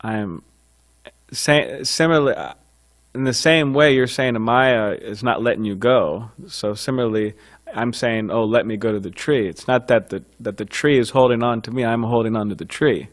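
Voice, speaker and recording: A man's voice: mid-range voice, normal speed, natural voice. A man quoting a patient old guru. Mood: explaining. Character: patient elderly male spiritual teacher.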